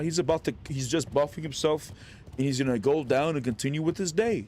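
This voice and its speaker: An excitable man narrates his game live, teasing the characters he meets. His voice sits a little high, and a faint hiss runs underneath. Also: fast talker. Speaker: streamer. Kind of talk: casual gameplay commentary.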